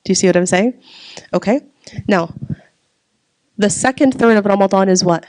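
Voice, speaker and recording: A woman's voice: mid-range voice, moderate pace, a little mellow, no room sound. A woman giving a religious talk to a live audience, asking them questions and repeating key words for emphasis. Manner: asks the audience questions and waits for answers. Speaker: religious teacher.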